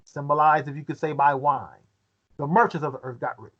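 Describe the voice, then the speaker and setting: A man with a fairly high voice leads a Bible study, reading scripture aloud and then questioning his listeners. He often halts and repeats words as he thinks, and the recording sounds dull and lo-fi. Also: steady tone, fairly quick.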